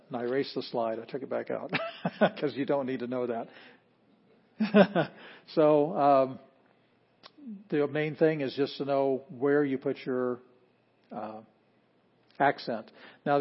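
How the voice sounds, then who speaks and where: Male teacher, mid-pitched, easygoing classroom lecture with small laughs, muffled lo-fi recording. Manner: relaxed, chuckling, plainspoken, with fillers. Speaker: Greek teacher.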